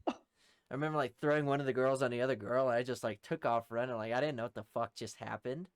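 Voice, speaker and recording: A young man co-hosting a podcast, telling a rowdy story in casual talk, swearing heavily and shouting out the lines of people in it. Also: medium pitch, fairly even intonation, fast, clear, resonant tone, no echo, clean studio sound. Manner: heavy swearing, acts out shouted quotes. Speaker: podcast co-host.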